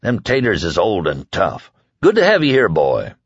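A man voicing a friendly, folksy camp cook who talks with rough grammar, read from an audiobook. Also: deep voice, huge pitch swings, normal speed, no echo, lo-fi sound, full character voice. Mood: welcoming.

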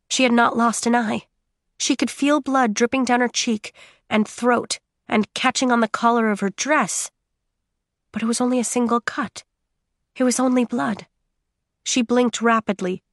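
A woman giving dramatic audiobook narration in a steady, measured way with drawn-out pauses. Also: medium pitch, dry recording, clean studio sound.

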